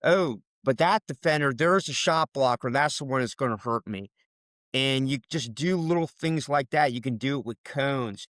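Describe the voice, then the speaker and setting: A man's voice: mid-range voice, normal speed, a bit bright, no room sound. A middle-aged man from the DC area, a basketball official giving coaching advice in an interview, emphatic and repeating his key points.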